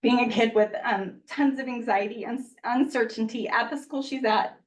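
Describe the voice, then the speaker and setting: A woman's voice: fairly high pitch, fairly even intonation. Emotional mother at a distant podium mic. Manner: emotional, earnest, rushed at times. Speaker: parent speaking at public comment. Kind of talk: public comment at a school board meeting.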